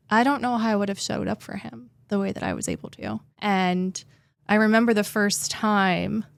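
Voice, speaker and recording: A woman's voice: medium pitch, no room sound. A young adult woman, a therapist and guest, telling a personal story in a heartfelt way, sometimes tearful and full of "like" fillers. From New Jersey.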